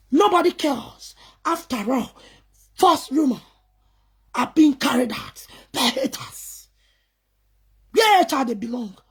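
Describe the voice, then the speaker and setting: A woman with a Nigerian Pidgin accent, scolding and ranting defiantly to camera in an emphatic, repetitive way. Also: high voice. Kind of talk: angry rant to camera.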